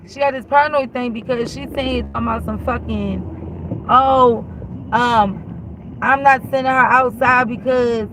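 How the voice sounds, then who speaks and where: A woman's voice: on the high side, a bit bright, slight background noise, low-quality recording. A woman telling a long, exasperated story as a show host, acting out both sides of the argument and swearing freely. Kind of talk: animated storytelling rant.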